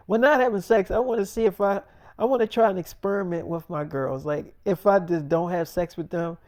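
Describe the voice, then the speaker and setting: A man with a mellow, darker voice tells a rambling story, circling back and padding it with "you know" and "I mean". The sound is dry and close, with no room around him. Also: sits high, no room sound. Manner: loose, repetitive, full of "you know". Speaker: vlogger.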